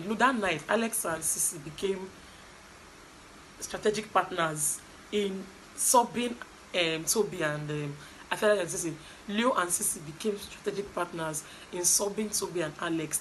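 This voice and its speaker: A woman's voice: fairly low pitch, a little hiss or hum, rough recording. A young adult woman with a Nigerian accent, animatedly recapping a reality show in casual gossip style. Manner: animated, chatty storytelling with asides.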